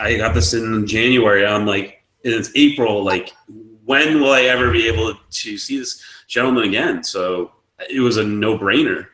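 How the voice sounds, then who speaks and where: A man's voice: medium pitch, fairly bright tone, roomy sound. A man co-hosting a live show, telling a long story in a casual, rambling way and laughing often. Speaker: podcast co-host.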